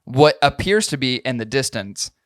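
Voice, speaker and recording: A man's voice: medium pitch, expressive, normal speed, no echo, clean studio sound. A young adult man co-hosting a podcast in casual chat, crude and joking, often laughing as he tells stories. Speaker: podcast co-host.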